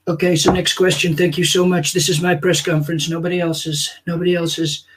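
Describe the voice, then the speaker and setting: A man's voice: a little high, little pitch movement, a little hiss or hum, close to an everyday voice. A man doing a pompous boastful older politician. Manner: pompous, repetitive, drawn-out boasting. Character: boastful older male politician, self-praising and rambling. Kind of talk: comic impression on a livestream.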